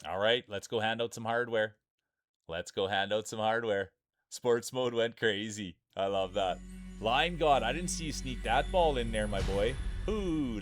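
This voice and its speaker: A man's voice: lowish voice, no room sound, studio quality. Hyped streamer man calling marble races. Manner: hyped, announcer-style, greeting chat by name. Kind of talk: mock sports play-by-play commentary.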